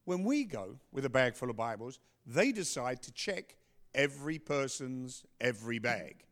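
A middle-aged man telling a story and giving announcements at a church service, animated, with loud bursts. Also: medium pitch, moderate pace. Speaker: pastor.

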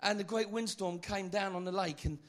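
A man preaching an animated, comic evangelistic sermon at a church meeting, acting out the stories he tells. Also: high-pitched, moderate pace. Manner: animated, comic storytelling with acted-out voices.

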